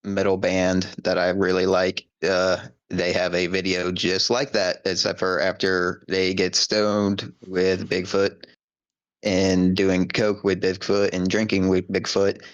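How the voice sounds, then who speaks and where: A laid-back man co-hosting a podcast, rambling along with plenty of ums. His voice is very low, dry and a bit dull through a headset. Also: completely flat delivery, takes it slowly, dry recording. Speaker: podcast co-host. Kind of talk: casual chat.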